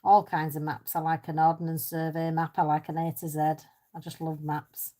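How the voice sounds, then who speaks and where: Chatty woman, low voice. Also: level tone, brisk, warm tone. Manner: chatty, reads out and answers viewers' comments; self-deprecating, laughs easily. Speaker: live-stream host. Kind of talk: casual chat while colouring.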